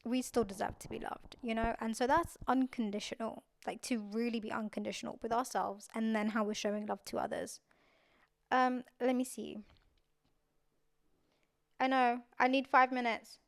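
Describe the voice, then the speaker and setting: A woman's voice: fairly high pitch, fairly even intonation, normal speed, gravelly, no echo, clean studio sound. A young adult woman hosting her own podcast, talking earnestly and repeating phrases for emphasis. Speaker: podcast host. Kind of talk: casual solo podcast talk.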